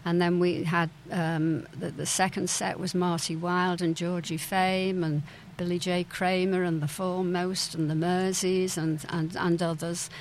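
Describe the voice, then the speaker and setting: A woman's voice: lowish voice, flat delivery, unhurried, hardly any pauses, slight background noise, low-quality recording. An older woman telling stories from her past in an interview, hesitant, with many fillers and restarts. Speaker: interview guest, former club owner's daughter. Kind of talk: reminiscing interview.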